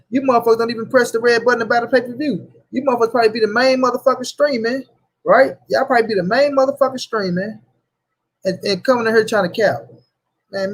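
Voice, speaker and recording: Husky heated man ranting about boxing. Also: high voice, poor audio. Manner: heated, profane, repeats points, addresses chat. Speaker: boxing commentary host. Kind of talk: livestream rant reading chat.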